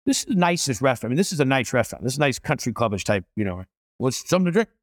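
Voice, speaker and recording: A middle-aged man, a chef and restaurateur, telling stories as an interview guest in a lively, animated way. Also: mid-range voice, very fast, no echo, clean studio sound. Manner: animated, acts out voices in stories. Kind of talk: storytelling interview.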